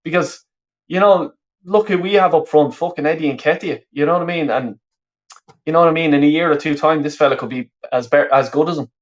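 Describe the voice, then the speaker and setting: Over a muffled recording, a brisk, slightly high male voice commentates live on a football match. It's a watch-along stream, and he reads viewers' comments as he goes, chatting casually in a Dublin Irish accent though he's from the west of Ireland. Expect plenty of swearing, rambling and false starts.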